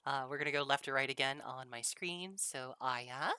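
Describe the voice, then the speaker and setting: A woman's voice: very deep voice, moderate pace, pushed and bright, clean tone, dry recording. A woman hosting a tabletop game stream as dungeon master, bubbly and giggly, chatting casually with her players.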